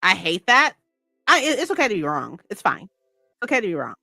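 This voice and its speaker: A woman's voice: mid-range voice, sing-song, fairly quick, gravelly, sharp tone, no echo, soft background music. A woman chatting on a livestream, rambling and gushing with lots of "like" and "right?". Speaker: streamer. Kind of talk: casual livestream chat.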